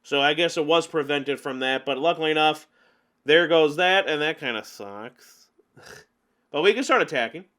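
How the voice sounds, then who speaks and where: A man giving casual gameplay commentary on a card game, chatty and openly venting his frustrations with animated outbursts. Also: fairly high pitch, moderate pace. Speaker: gaming channel host.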